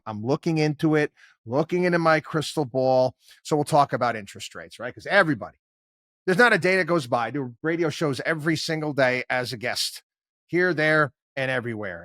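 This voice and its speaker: Here an older podcast host and financial commentator rambles casually, restarting often and using lots of fillers in a wry, plain-spoken way. His voice is medium in pitch, bright, and forceful, recorded without echo.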